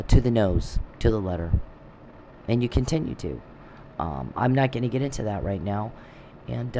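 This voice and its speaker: A man ranting bitterly in a monologue, speaking straight at an absent opponent. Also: mid-range voice. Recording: steady background noise.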